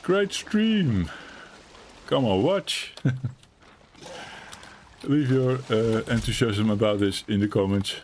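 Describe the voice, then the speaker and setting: A man's voice: fairly low pitch, slow pace, pauses often, darkish tone, slight background noise. A tired, yawning man giving casual commentary while streaming a game from home, rambling and laughing often. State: sleepy, yawning.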